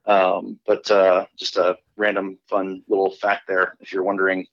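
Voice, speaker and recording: Low-voiced man, relaxed and rambling. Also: moderate pace, no room sound. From Iowa. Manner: relaxed, rambling, many fillers. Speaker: pastor, podcast guest. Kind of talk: casual podcast interview. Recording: dull, lo-fi remote audio.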